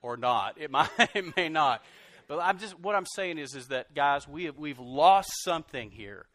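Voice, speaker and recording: A middle-aged man preaching a sermon, animated, swinging from loud outbursts to soft, confessional lines. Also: a little high, moderate pace, no room sound. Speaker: pastor.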